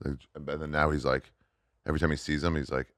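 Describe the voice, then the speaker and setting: Low-voiced guy cohosting a podcast, relaxed, deadpan one-liners, dry room. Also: no room sound. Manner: laid-back, quick deadpan quips. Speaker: podcast co-host. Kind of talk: casual podcast chat.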